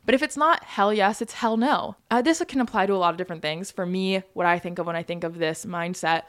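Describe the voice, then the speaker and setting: A woman's voice: lowish voice, a little fast. Chatty young woman hosting a podcast. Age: young adult, 22. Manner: chatty, many fillers like "like" and "you know". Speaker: podcast host. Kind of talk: casual solo podcast chat.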